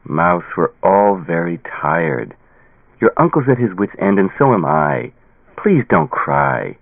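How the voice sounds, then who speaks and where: A man's voice: low voice, sing-song, slow pace, creaky, no echo, heavily acted. A man voicing a tired, patient father pleading with his daughter in an audiobook. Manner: pleading, patient, sometimes stern. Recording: tinny phone-like dry sound.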